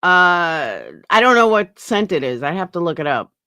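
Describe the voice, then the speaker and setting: A woman's voice: on the low side, big pitch swings, moderate pace, sharp tone, no room sound, studio quality. A woman hosting a casual livestream, talking bluntly with frequent swearing and answering her chat. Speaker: livestream host.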